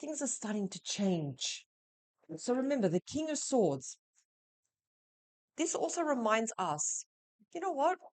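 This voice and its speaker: A woman's voice: a little high, very animated, measured pace, pauses often. A woman giving a weekly tarot reading, talking straight to the listener in a reassuring way. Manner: reassuring, addresses the listener directly. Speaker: tarot reader.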